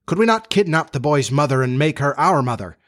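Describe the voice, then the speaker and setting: A man voicing a simple-minded, excitable male pirate in a storybook reading. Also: normal speed, slightly rough, heavily acted. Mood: eager. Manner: high, eager and wondering.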